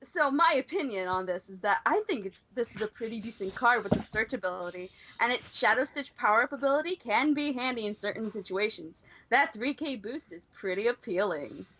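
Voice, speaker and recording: A woman imitating a cocky male card-game rival, giving him a mellow surfer-dude drawl over a voice call. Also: on the high side, lively intonation, fairly quick, hardly any pauses, background noise, close to an everyday voice. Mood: laid-back.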